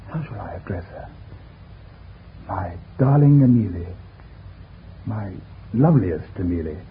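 A man's voice: lowish voice, slight background noise. An actor playing a lovestruck young man who muses dreamily to himself as he writes in a vintage radio drama. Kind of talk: 1940s radio acting. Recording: tinny old radio broadcast.

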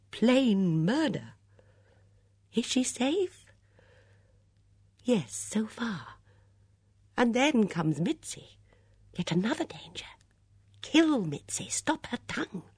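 A woman reading as an elderly lady sleuth, explaining a crime in measured, earnest tones. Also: medium pitch, husky, no room sound, studio quality, heavily acted. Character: elderly woman sleuth, gentle but grave.

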